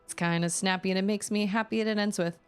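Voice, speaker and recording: A woman's voice: medium pitch, fairly even intonation, fast talker, clean tone, faint music behind, natural voice. A woman voicing a cheerful, stubborn male turtle who keeps pushing his little song. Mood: gleeful. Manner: sing-song, chirpy and persistent.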